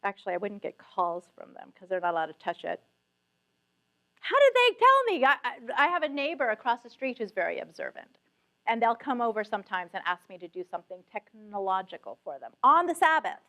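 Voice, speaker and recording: A middle-aged woman giving a conference keynote talk, telling stories with animated asides to the audience. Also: medium pitch, fast. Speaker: keynote speaker. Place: conference hall stage.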